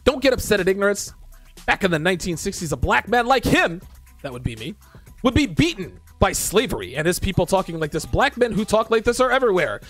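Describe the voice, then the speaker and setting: A man's voice: high voice, sing-song, quick pace, a bit bright, soft background music. A man hosting a dating commentary show, ranting in exasperation at viewer comments with profane sarcasm.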